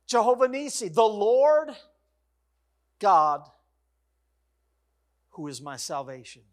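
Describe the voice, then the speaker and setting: Male pastor, middle-aged, high voice, emphatic sermon cadence, jumps from shouts to near-hush. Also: very animated, slow. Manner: swings between loud exclamations and hushed soft passages; emphatic, repetitive preaching cadence.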